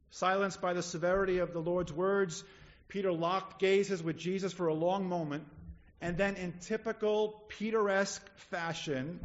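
A man preaching a sermon who retells a scene in vivid detail and slows down to stress key words. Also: high voice. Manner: vivid storytelling, slowing down for emphasis. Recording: slightly dull lo-fi recording.

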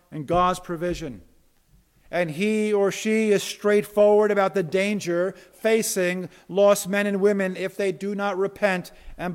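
A man with a fairly high voice delivers a sermon from the pulpit. He preaches emphatically, rising to loud declarations and dropping to quiet asides. He repeats a word now and then as he restarts a thought. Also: clear, resonant tone. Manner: repeats words when restarting. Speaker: pastor.

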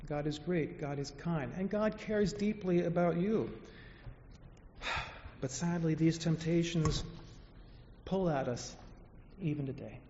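A man delivering a sermon in a high-pitched voice, emphatic and storytelling, with phrases that drop softly at their ends. The sound rings in a large hall with a long reverb, on a dull, lo-fi recording. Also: slow pace, pauses often, a little hiss or hum. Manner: emphatic storytelling, phrases dropping soft at the end. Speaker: preacher.

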